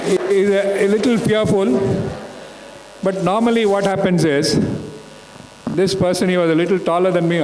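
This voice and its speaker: A guest speaker at a school talk addresses students in a high-pitched but darkish voice, steady in tone and at a normal speed. His talk is interactive, and he asks the audience questions again and again. The recording is from an echoey hall with a faint hum.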